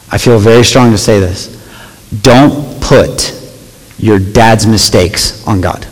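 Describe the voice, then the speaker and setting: Speaking slowly in a lowish voice, this youth pastor gives a relaxed, conversational sermon to a young crowd. He reads passages of scripture and keeps asking "right?" while long hall reverb trails his words.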